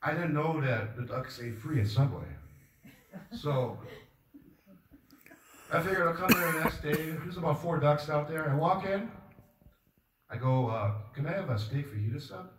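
A man doing a stand-up comedy set on a club stage, rambling in a deadpan way with many filler pauses. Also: on the high side. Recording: roomy, distant mic with faint ambience.

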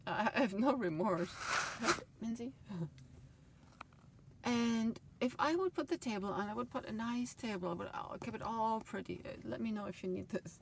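A middle-aged woman telling a rambling personal story in a vlog, swinging between loud outbursts and quiet asides. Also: medium pitch, gravelly, slight background noise. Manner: emotional, swings loud and soft, laughs often. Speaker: vlogger.

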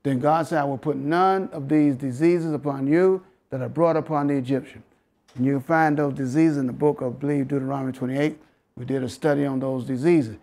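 Speaking a little fast in a medium-pitched, darkish voice with fairly even intonation, this Southern American health lecturer leads an interactive Bible health lesson. He preaches while coaxing listeners with questions and little laughs.

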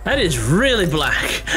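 A man narrating his own gameplay in a joking, exclamatory way, with a high and lively voice. He talks at an easy pace while game music plays loudly under him. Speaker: gameplay streamer. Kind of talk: let's play commentary. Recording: voice over loud game music.

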